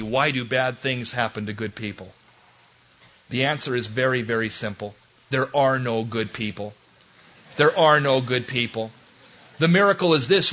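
A man's voice: mid-range voice, bright, forceful tone. A man preaching a sermon, emphatic, repeating key phrases and acting out quoted voices. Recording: dull lo-fi recording.

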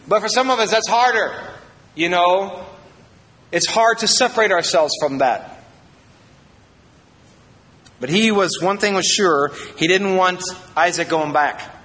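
Pastor guy from iowa preaching, animated, jokey, fairly high voice, big hall echo. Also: takes it slowly, long pauses. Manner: animated, jokey asides, swings between loud and quiet. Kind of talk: sermon.

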